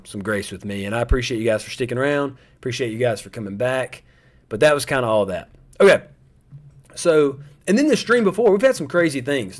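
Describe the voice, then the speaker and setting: A young man hosts a live stream, his voice sitting at an ordinary middle pitch. He chats casually and rambles a little, speaking directly to his viewers. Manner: chatty, rambling, talks straight to viewers. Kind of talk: casual chat to a live audience.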